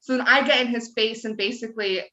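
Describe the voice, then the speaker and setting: A woman comedian chats on a podcast and tells her stories in an animated way. Her voice is bright and sits a little high. The recording sounds echoey and a little dull. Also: fast. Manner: animated storytelling. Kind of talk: casual podcast chat.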